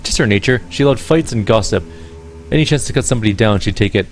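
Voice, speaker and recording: Male gamer doing a cynical, world-weary porter; plain, low and blunt. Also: expressive, quick pace, faint music behind, natural voice. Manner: blunt, dismissive.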